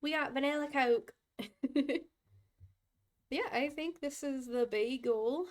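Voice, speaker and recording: Slow-talking giggly young woman streamer. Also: sits high. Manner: chatty, giggly, rambling with frequent laughs. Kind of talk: casual live-stream chat while drawing.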